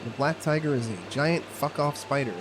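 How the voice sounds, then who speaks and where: A man's voice: a little high, moderate pace, background noise. A man streaming a horror game, chatting casually with his viewers in a rambling, profane, joking way. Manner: rambling, profane, jokey, talks to chat. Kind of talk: casual gameplay commentary.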